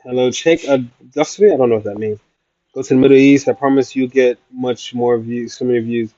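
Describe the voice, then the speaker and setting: A man's voice: medium pitch, fairly even intonation, a little fast, dark tone, no echo, highs cut off. A man on a casual travel livestream, chatting playfully as he answers viewers' questions. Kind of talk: casual livestream chat reading comments. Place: traveling in Iraq.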